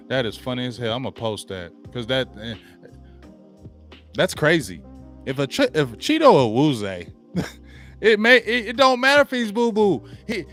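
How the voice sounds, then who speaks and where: A man's voice: medium pitch, a bit bright. A man hosting a sports talk show, giving blunt, slangy opinions and repeating points for emphasis.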